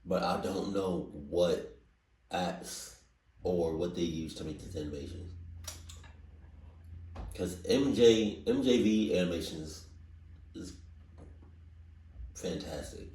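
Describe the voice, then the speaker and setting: A man's voice: deep voice, takes it slowly, long pauses, mellow, roomy sound, far from the mic, rough recording. A man hosting a reaction video, chatting casually in loose slangy talk. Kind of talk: casual chat.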